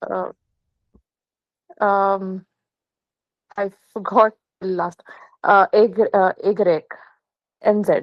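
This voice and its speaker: Woman, student from Canada, hesitant, lots of ums, slow, muffled dry recording. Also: mid-range voice, level tone, no room sound. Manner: hesitant, many ums and pauses. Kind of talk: reciting in a live online lesson. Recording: dull, dry lo-fi audio.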